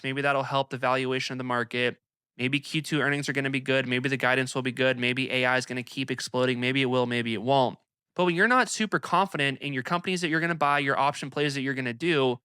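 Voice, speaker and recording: A young man hosting an investing video, talking to camera in an energetic, emphatic, conversational way. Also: medium pitch, clear, resonant tone, no echo, clean studio sound. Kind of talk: casual commentary to camera.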